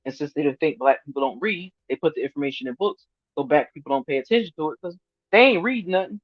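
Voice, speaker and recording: A woman in her fifties chatting casually to her viewers on a livestream, animated and laughing often as she reads their comments. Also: deep voice, fast talker, no echo. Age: 50s. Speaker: vlogger reading viewer comments. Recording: dry, slightly muffled lo-fi sound.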